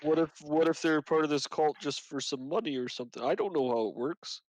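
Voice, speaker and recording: A man's voice: fairly high pitch, fairly quick, poor audio. A man playing a tabletop game, hesitant and full of ums as he bluffs in character. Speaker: player. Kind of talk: tabletop role-play.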